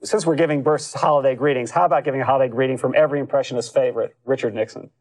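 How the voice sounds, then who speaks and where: A man co-hosting a political debate show, leading into breaks and back with a crisp on-air delivery. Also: mid-range voice, steady tone, racing, darkish tone, low-quality recording. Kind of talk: TV interview.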